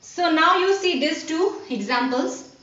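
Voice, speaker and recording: A woman teacher, her high voice slow and deliberate as she teaches. She keeps prompting her class with "what?" and repeats each point. The recording sounds dull and echoey, with the mic some way off. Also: lively intonation, a bit bright. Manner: slow, repetitive teaching with rhetorical "what?" questions. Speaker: school teacher. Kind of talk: online class lesson. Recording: dull, roomy recording from a distance.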